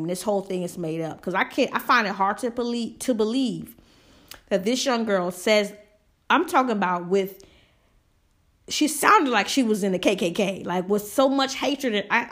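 A woman's voice: medium pitch, a bit bright. Chatty, sassy woman podcast host. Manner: chatty, candid, with frequent restarts and asides. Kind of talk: casual commentary podcast.

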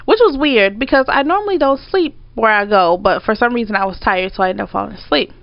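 Woman, casual storyteller, lively and profane, dry dull recording. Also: on the high side, fast talker, creaky, no room sound. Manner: animated, swearing, acts out her own outbursts. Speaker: storyteller co-host. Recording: dry, slightly dull audio.

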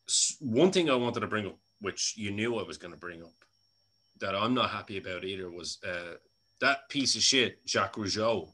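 Man, Irish accent, podcast host, casual chat, laughs a lot, lowish voice, bright tone. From Ireland. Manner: chatty, laughs often, swears freely.

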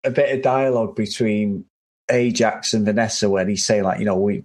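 A man's voice: fairly low pitch, moderate pace, a little mellow. A man co-hosting a film review chat, rambling enthusiastically with lots of fillers. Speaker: film review podcast co-host. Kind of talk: casual chat.

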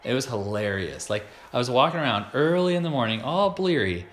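A man's voice: medium pitch, animated, fairly quick. A man in his thirties hosting a casual podcast, telling amused stories about parenting, recorded in an echoey room with faint noise. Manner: chatty, amused storytelling. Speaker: podcast host. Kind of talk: casual chat.

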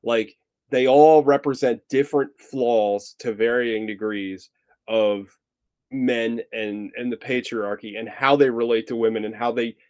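Casual male podcast co-host, mid-pitch voice, rambly and animated delivery. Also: a little slow, clean tone, dry recording. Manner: rambly, self-interrupting, animated. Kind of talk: casual film review chat.

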